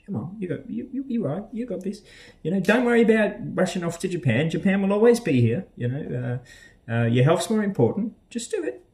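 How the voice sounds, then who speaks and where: A man imitating an upbeat male friend who keeps encouraging him, in a high, bouncy pep-talk voice. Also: big pitch swings, fairly quick, a little mellow.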